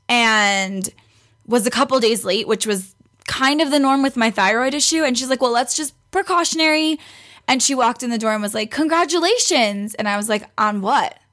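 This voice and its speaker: Chatting casually as a guest, this pregnant young woman speaks in a mid-range, fairly bright voice while recounting a story. She performs other people's lines as she goes and breaks into laughter often.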